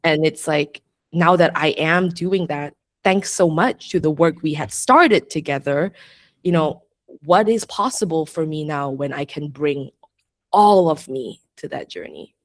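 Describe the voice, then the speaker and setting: A woman's voice: low-pitched, measured pace, no echo. A young adult woman, a podcast guest and astrologer, chatting reflectively with lots of "like" and frequent laughter. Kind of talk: casual interview chat.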